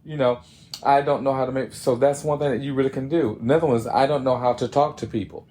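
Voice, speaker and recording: A man's voice: mid-range voice, steady tone, fast, a little mellow. Podcast co-host: man with a mid-range voice, easygoing advice-giver. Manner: laid-back, laughs while talking, gives advice. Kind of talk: casual chat.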